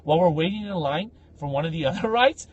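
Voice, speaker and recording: A man telling a story on a casual podcast, slangy and animated, acting out the people in it. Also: on the high side, quick pace, breathy edge, highs cut off. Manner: animated, acts out quoted speech with big loud jumps; slangy, says bro and like a lot.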